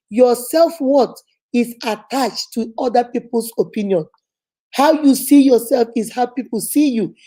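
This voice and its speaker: Her voice a little high with a dark tone, a woman working as a life coach preaches a motivational lesson to camera. She addresses viewers directly, hammering points home emphatically and repetitively.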